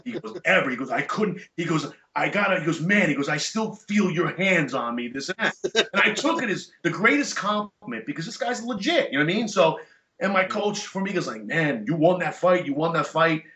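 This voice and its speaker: Bright-voiced middle-aged man telling stories. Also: on the high side, fairly quick. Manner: animated, emphatic, blunt with profanity. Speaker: podcast guest, chiropractor and jiu-jitsu black belt. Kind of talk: casual storytelling chat. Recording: echoey room, dull lo-fi sound.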